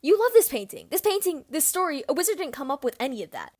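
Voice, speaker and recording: A woman's voice: sits high, wildly swooping pitch, racing, a little mellow, husky, no echo, clean studio sound, voice pushed up, full character voice. A woman voicing a hot-headed, anguished teenage boy in an amateur audiobook reading, heated and pleading.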